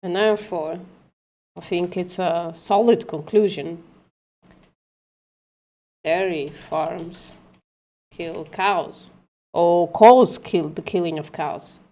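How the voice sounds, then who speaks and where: A woman hosts a casual livestream and talks slowly with long pauses, her voice sitting on the low side. She stumbles, corrects herself and swears lightly as she works through an argument. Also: mellow. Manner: halting, self-correcting, swears and laughs at herself. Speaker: livestream host. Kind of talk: casual livestream teaching logic.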